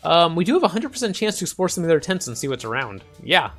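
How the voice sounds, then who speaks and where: Lively man narrating a game. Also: a little high, fast. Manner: chatty, reads game text aloud. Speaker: gaming channel host. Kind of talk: casual let's-play commentary. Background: faint game music.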